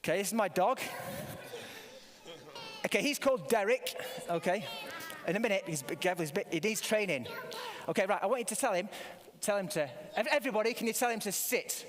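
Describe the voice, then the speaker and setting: A man's voice: high-pitched, animated, brisk, pauses often, a crowd in the background. An older man from Britain giving a playful all-age church talk, quizzing the children with many restarts. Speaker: preacher leading a family service. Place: church hall. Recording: long hall reverb.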